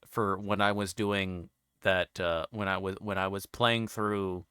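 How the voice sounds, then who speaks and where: A man hosts a relaxed livestream interview, wandering through long, meandering explanations. His voice sits a little low yet comes across bright and clean. It is recorded close up in a dry, dead room. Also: measured pace, smooth, no echo. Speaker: interview show host. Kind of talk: casual chat on a livestream.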